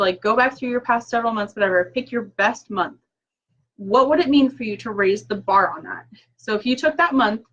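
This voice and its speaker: A woman's voice: mid-range voice, fairly bright tone, lo-fi sound. A woman chatting casually and upbeat through a live-stream recap from her home office, full of fillers and quoted asides. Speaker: direct sales consultant. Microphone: laptop mic.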